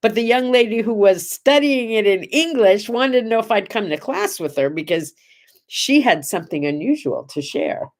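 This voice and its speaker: A woman hosting a casual morning show, telling anecdotes in a chatty, animated way with playful asides. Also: fairly high pitch, normal speed. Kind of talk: casual chat and storytelling.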